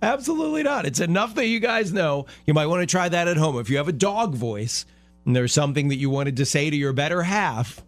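A man's voice: a little high, animated, fairly quick, no room sound. A man co-hosting a radio show in casual chat, joking and laughing often. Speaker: radio co-host.

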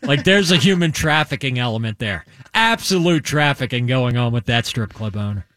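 A man's voice: medium pitch, animated, moderate pace, a bit bright, no room sound, clean studio sound. A man co-hosting a sports radio show, playful and laughing often, with lots of "like". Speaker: radio co-host. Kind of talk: casual sports radio banter.

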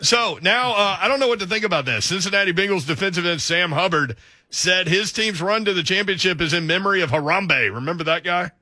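A man's voice: sits high, fairly quick, pushed and bright, dry recording, studio quality. A man hosting a sports radio show, leading the conversation in a casual way. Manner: conversational, leads the segments.

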